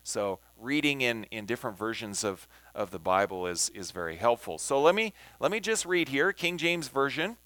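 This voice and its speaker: A man teaching a Bible study, talking slowly and deliberately and stressing words as he reads scripture aloud. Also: mid-range voice, sing-song, fairly bright tone, no echo. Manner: slow and deliberate, emphasizing words when reading scripture.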